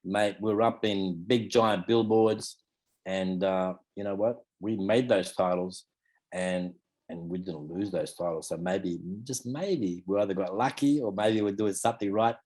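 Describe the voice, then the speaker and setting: A man's voice: low voice, measured pace, a little mellow. Rambling Australian man in his fifties. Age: 50s. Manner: rambling, peppered with "mate" and "you know". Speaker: martial arts teacher. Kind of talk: casual interview talk.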